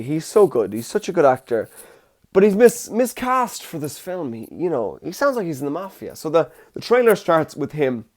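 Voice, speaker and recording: A man's voice: fairly high pitch, a little mellow. A man with an Irish accent hosting a solo podcast, chatty and jokey, swearing casually. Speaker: podcast host.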